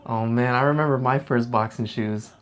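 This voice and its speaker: A man's voice: mid-range voice, normal speed, a little hiss or hum. A man, a professional boxer, telling stories in a casual, slangy chat and acting out the people in them. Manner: animated, slangy, acts out voices in his stories. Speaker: professional boxer reacting to anime.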